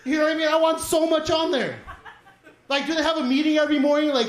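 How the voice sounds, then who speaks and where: Stand-up comic, man in his forties, very high voice, profane rambling delivery, echoey studio room. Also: steady tone, fast. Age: 40s. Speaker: stand-up comedian. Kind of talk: stand-up set. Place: small comedy studio stage.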